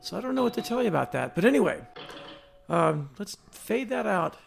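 A man's voice: high-pitched, sing-song, brisk, gravelly, slight background noise. A man co-hosting a casual podcast, reading an ad and telling rambling, joking stories. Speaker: podcast co-host. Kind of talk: casual chat and read ad.

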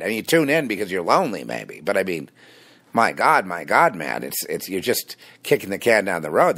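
A man hosting a rambling, combative monologue, dropping low and quiet when he confides. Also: gravelly. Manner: rambling and combative, mocking laughs. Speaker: host. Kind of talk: spoken monologue on religion and conspiracy.

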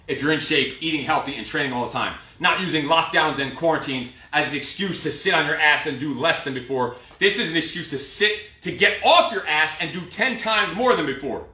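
A man, a fitness trainer, calling out workout combos and giving a blunt, profane pep talk, out of breath. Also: fairly high pitch. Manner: shouted drill cues, profane motivational talk. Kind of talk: live workout coaching. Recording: echoey room, from far off mic.

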